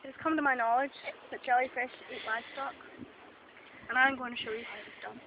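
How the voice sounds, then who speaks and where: High-voiced Northern Irish woman, rambling. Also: steady tone, brisk. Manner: rambling, playful, lots of "wee" and "right?". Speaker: mock expert. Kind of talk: improvised mock documentary. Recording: dull lo-fi camera audio with loud background noise.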